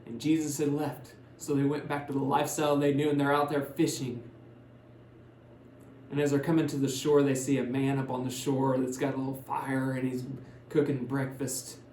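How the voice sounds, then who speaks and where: A male pastor tells a Bible story in a relaxed, conversational sermon voice, dropping low for some lines and lifting it for others. His voice sits at a middle pitch. The church room adds a noticeable echo over a faint background hum. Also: moderate pace. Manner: conversational storytelling with shifts between loud and hushed. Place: church sanctuary.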